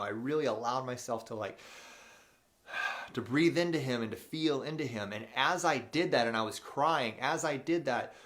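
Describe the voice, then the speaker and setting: A man hosting a live motivational show, telling a personal story in an animated, unscripted way with many fillers and restarts, and reading viewer questions aloud. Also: mid-range voice.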